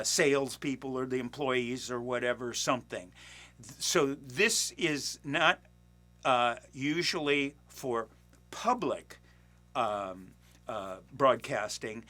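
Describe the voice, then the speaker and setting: A man with a bright, forceful voice, middle-aged, chatting about his acting work. He rambles, restarts sentences and fills pauses with plenty of uhs and ums. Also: medium pitch. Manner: rambling, many fillers and restarts, chuckles. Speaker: working actor, podcast host. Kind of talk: casual storytelling monologue.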